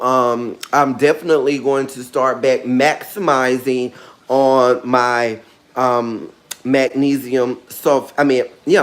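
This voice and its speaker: A sassy man chats through a casual how-to vlog, full of playful, dramatic asides. His voice sits in an everyday middle pitch. He keeps an easy, conversational flow throughout. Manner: sassy, chatty, calls viewers girl and honey. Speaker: orchid care vlogger.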